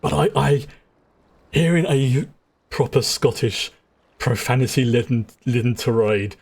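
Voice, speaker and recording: Brief: London streamer, husky mid-pitch voice, rambling casual game talk. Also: male voice, measured pace, a little mellow. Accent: London English. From England. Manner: rambling, chatty, with frequent restarts. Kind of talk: casual gameplay commentary.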